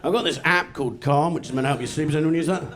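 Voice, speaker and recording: A man doing a stand-up comedy routine on a club stage, with a sardonic, deadpan delivery and crude jokes. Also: on the high side, racing. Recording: noisy live club recording. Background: audience laughter.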